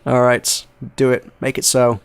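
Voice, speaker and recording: A man's voice: mid-range voice, completely flat delivery, measured pace, clear, resonant tone. A man hosting a casual video game podcast, rambling, laughing and swearing as he talks. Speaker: podcast host. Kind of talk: casual podcast chat about video games.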